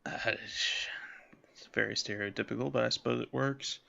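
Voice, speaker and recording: A man's voice: mid-range voice, steady tone, unhurried, gravelly, sharp tone, in a whisper. A man casually commenting while playing a role-playing game, musing aloud with self-deprecating asides. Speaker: let's play host voicing characters. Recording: slightly dull lo-fi sound.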